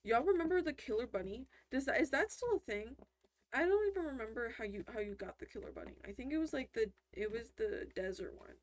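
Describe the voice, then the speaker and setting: A woman with a slightly high voice gives animated, fairly quick commentary as she plays a video game, rambling and chatting, often breaking off partway through sentences.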